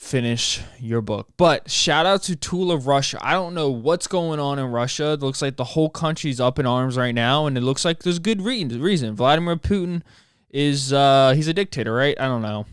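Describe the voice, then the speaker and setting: A man's voice: medium pitch, normal speed, clean tone, dry recording, studio quality. A young American man hosting a solo podcast, rambling and mocking himself, stumbling over words as he talks. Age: young adult. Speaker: podcast host.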